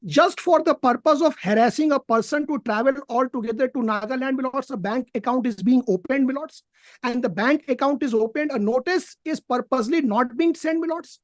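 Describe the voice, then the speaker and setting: Indian woman lawyer, kinda high voice, dry close sound, keeps saying my lords, stumbles a lot. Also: no room sound. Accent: Indian English. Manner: deferential, halting, repeats "my lords". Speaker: advocate. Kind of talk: courtroom argument. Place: courtroom, on a video hearing feed.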